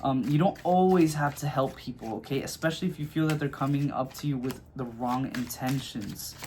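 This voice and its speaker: A man's voice: medium pitch, a little fast, a little mellow, slight background noise. A man giving a casual tarot reading, chatty and loose, full of fillers and "okay?" check-ins. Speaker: tarot reader.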